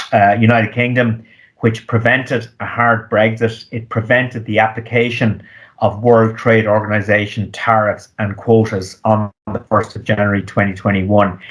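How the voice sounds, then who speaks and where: A man, an economist, giving measured interview answers with frequent ums and restarts. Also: fairly low pitch. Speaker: economist guest.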